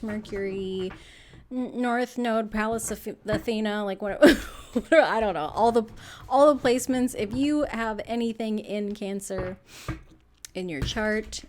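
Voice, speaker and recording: A young woman talks softly and loosely through an astrology reading, her sentences wandering and padded with "like" and "um". She is emotional and near tears, her voice welling up as she goes. Her pitch sits in a middle range for a woman. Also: slight background noise. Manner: soft, rambling, full of "like" and fillers. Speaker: tarot reader.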